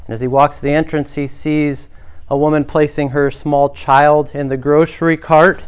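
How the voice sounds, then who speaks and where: A man's voice: on the high side, clear, resonant tone. A male pastor preaching a sermon, telling a story and inviting the congregation to respond.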